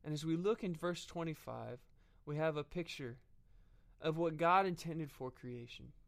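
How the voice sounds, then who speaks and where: A man preaching a sermon earnestly, often pausing with fillers and restarting his phrases. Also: fairly high pitch, gravelly.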